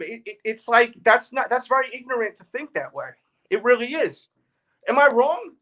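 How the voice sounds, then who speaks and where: A man's voice: very high-pitched, big pitch swings, normal speed, low-quality recording. Blunt man with a New York accent. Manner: blunt, forceful, argumentative tone. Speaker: livestream host. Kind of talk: casual livestream chat.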